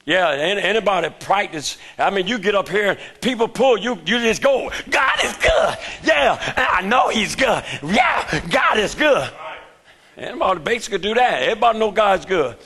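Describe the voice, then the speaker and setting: An older man preaching a fervent sermon in a church, shouting his lines and calling out to the congregation. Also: high-pitched, lively intonation, brisk, hardly any pauses.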